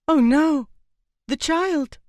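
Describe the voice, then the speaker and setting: A man voicing a bold young Regency woman who works as a dressmaker and answers back briskly. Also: high-pitched, no echo, studio quality, lightly acted. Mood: alarmed. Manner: brisk and spirited retorts.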